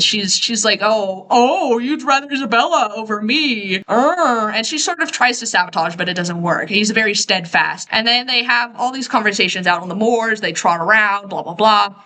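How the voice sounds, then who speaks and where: A woman in her twenties giving a casual, profane, sarcastic rant as she recaps a story, tossing in quick quoted asides. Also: medium pitch, bright, forceful tone, rough recording. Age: 20s. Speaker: video essayist.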